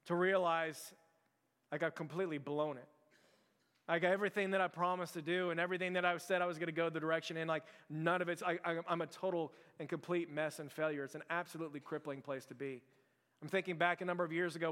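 A man's voice: a little high, fairly bright tone, smooth, in a large hall. A man preaching to his church in a casual, chatty sermon, full of "like" and restarts. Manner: chatty, heavy use of "like" and restarts. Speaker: pastor. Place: church sanctuary.

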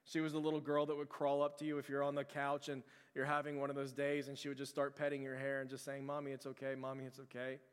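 A man's voice: medium pitch, monotone, fast talker, hardly any pauses, clear, resonant tone. A pastor preaching a sermon to his church in a conversational, earnest way, with frequent fillers and restarts. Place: church sanctuary. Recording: long hall reverb.

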